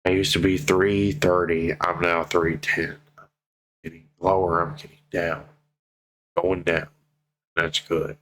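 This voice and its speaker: Man, very low voice, tearful vlogger, heartfelt and profane, slow earnest emphasis. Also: little pitch movement, fairly bright tone, rough recording. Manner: heartfelt, swears freely, slow pleading emphasis. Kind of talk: emotional personal vlog.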